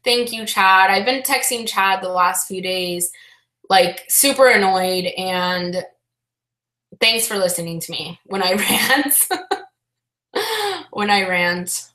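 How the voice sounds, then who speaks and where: Brief: young woman vlogger, casual livestream chat, bright voice, roomy echo. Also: medium pitch, unhurried. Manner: chatty, many fillers, reads chat aloud.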